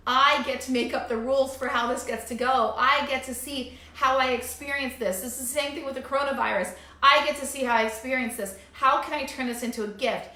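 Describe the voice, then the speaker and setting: A woman's voice: a little high, sharp tone, roomy sound. A woman coach giving a motivational masterclass talk, gushing and enthusiastic, full of repeated affirmations. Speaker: wellness coach.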